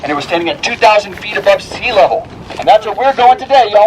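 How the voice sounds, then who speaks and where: A man's voice: high voice, fast talker. Upbeat man guiding a hike with corny jokes. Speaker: hiking tour guide. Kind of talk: joking tour narration. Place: outdoors on a mountain trail. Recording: outdoor wind noise.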